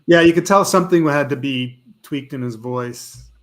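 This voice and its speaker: A man's voice: medium pitch, moderate pace, a little hiss or hum. A man in a casual podcast conversation, rambling and searching for his words. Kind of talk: casual chat.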